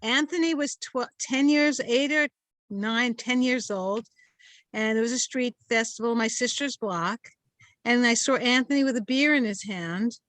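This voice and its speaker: A woman with a Brooklyn accent, co-hosting a casual chat and telling stories, loudly acting out the people she quotes. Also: on the high side, unhurried, no echo. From Brooklyn, New York. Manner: animated, acts out quotes loudly. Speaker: co-host.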